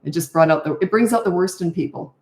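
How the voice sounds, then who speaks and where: A woman's voice: on the low side, fast, darkish tone, echoey room. An older woman, a parenting coach, answering viewer questions in a frank, chatty live Q&A and thinking aloud as she goes.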